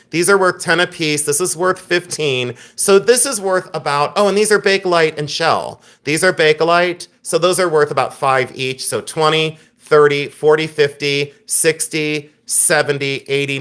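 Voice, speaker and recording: A man's voice: on the high side, fairly bright tone. A man hosting a live online jewelry sale, telling a story and pricing items in a chatty way, laughing at himself. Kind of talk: casual live-stream selling chat.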